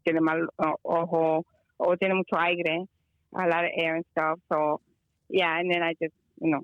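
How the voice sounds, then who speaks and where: A woman's voice: lowish voice, flat delivery, moderate pace, no echo, muffled recording. A woman guest on a call, telling a long story casually with many fillers and Spanish phrases mixed in. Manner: rambling, filler-heavy, mixes in Spanish phrases. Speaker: guest caller. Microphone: phone or video call.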